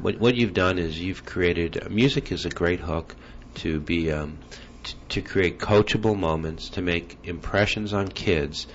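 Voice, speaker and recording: Deep-voiced measured male show host. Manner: measured, with hesitant ums. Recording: dull lo-fi sound with faint hiss.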